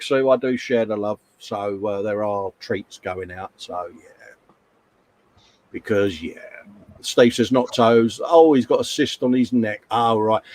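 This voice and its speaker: A middle-aged man hosting a casual live stream chat, reading out viewer comments in a matey, gently scolding way. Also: fairly low pitch.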